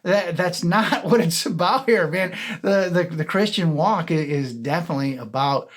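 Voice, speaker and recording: A man's voice: fairly high pitch, moderate pace. A man from a ministry giving an informal devotional talk, casual and full of fillers and restarts. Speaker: ministry chaplain.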